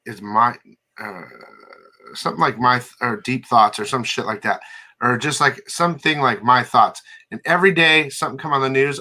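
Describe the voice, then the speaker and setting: Bright-voiced man saying dude a lot. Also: medium pitch. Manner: laughing, slangy, says dude a lot. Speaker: podcast co-host. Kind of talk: casual chat.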